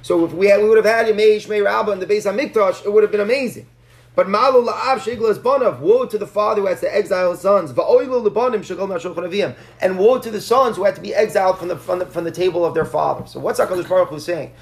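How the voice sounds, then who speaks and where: A man's voice: sits high, fast, vocal fry. A man teaching a Talmud class, explaining the text earnestly and often restarting his sentences.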